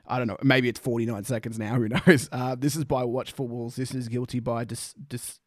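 A man's voice: medium pitch, little pitch movement, brisk, slight background noise. A young man rambling through a casual music reaction, swearing freely and laughing often.

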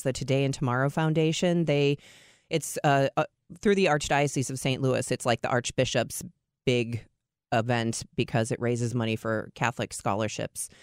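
A middle-aged woman tells stories from her working life in a relaxed interview. She is candid and self-deprecating, and she leaps up in pitch to act out what people said. The studio sound is dry and close. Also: clear, resonant tone, no echo. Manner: lively, self-deprecating, acts out quotes with big pitch jumps. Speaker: radio host, guest. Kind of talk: conversational interview storytelling.

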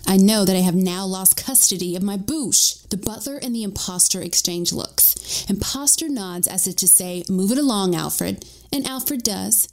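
A woman narrating a first-person story with a wry, lively storytelling manner. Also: medium pitch.

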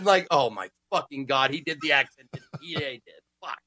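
Animated, swearing man with a bright voice. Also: fairly high pitch, normal speed, no room sound. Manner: animated, profane, acts out quotes. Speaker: gaming podcast co-host. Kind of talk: casual chat.

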